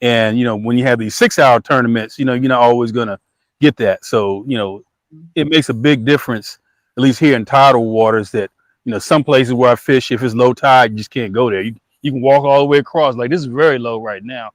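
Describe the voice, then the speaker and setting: A man's voice: medium pitch, steady tone, brisk, no echo, low-quality recording. A man on a fishing livestream, chatting casually and rambling about bank fishing, with plenty of fillers and restarts. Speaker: guest angler on a livestream. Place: riverbank outdoors.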